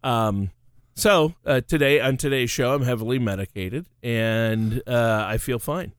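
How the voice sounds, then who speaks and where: Middle-aged guy cohosting a radio show, smooth resonant voice, dry sound, rambly storyteller who laughs a lot. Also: medium pitch, unhurried, no echo. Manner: chatty storyteller, laughs often. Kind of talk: casual chat.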